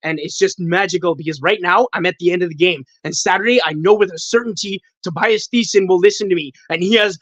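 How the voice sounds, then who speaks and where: A man's voice: high voice, quick pace, few pauses, fairly bright tone, no room sound. A man from Canada calling into a livestream panel, venting in an agitated, profane way. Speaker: caller, panel guest. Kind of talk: livestream call-in chat. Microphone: video call.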